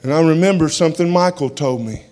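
A man giving a church testimony, telling his story in an animated way and punctuating it with "amen" as he speaks. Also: fairly high pitch, fast.

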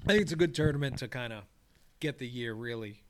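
A man in casual chat about golf, swearing freely and telling stories with lively energy. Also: medium pitch, quick pace, noisy background. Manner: profane, animated storyteller. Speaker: podcast co-host.

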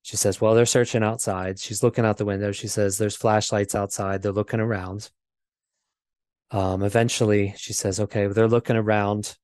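A man who is an interview guest, telling a personal story in a halting way, with many fillers and repeated words. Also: on the low side, level tone, a little mellow, no echo.

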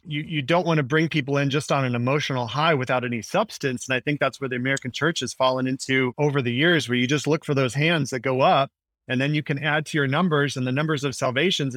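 A man's voice: mid-range voice, fairly bright tone, no echo, studio quality. Earnest man, pastor on a podcast. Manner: earnest, thoughtful, explaining. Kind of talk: casual podcast discussion.

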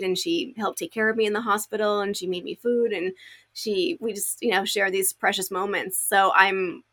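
A woman's voice: mid-range voice, creaky, fairly bright tone. A young adult woman telling her story as an interview guest, chatty, with many restarts and fillers. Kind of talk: conversational storytelling.

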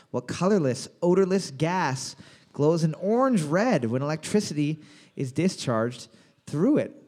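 A man hosting a trivia quiz, calling out questions loudly and cracking crude jokes between rounds. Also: on the high side. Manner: loud announcing, crude jokes, slows on answer options. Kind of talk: bar trivia hosting with joking banter.

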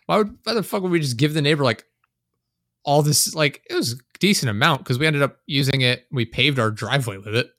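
A man's voice: mid-range voice, expressive, a little fast, fairly bright tone, no room sound, studio quality. A young man chatting casually as a podcast host, telling long rambling stories, swearing a lot and laughing often. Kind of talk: casual chat.

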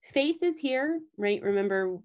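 A woman's voice: high-pitched, lively intonation, unhurried, darkish tone. A woman in casual chat, animatedly retelling a story's plot and swearing freely as she quotes the characters. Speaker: podcast co-host recapping a story.

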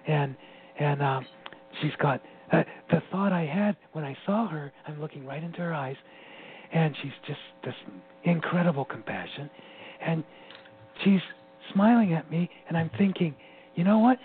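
Man, interview guest, animated storyteller, laughs often, tinny phone sound, faint hum. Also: fairly high pitch, moderate pace. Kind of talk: personal storytelling.

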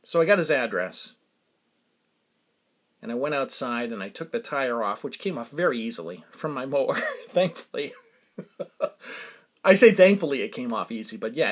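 A man's voice: medium pitch, lively intonation, normal speed, long pauses. A man with a New England accent, hosting a podcast and telling a rambling, self-amused story, often chuckling and dropping to a mutter for asides. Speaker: podcast host. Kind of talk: casual storytelling monologue.

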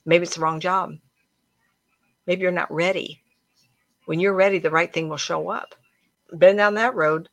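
Middle-aged woman, spiritual talk host; low, gravelly, dry-miked; chatty and emphatic storyteller. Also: steady tone, measured pace, long pauses, no echo. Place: room at home with plants.

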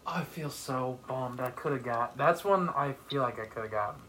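A man's voice: mid-range voice, normal speed, sharp tone. A young man co-hosting a sports podcast, jokey and self-deprecating in casual banter. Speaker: podcast co-host.

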